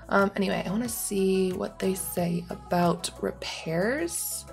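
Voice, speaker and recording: A woman's voice: medium pitch, lively intonation, unhurried, gravelly, few pauses, darkish tone, soft background music. A young woman giving rambling, casual commentary on her own gameplay, full of ums and likes. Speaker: gaming YouTuber.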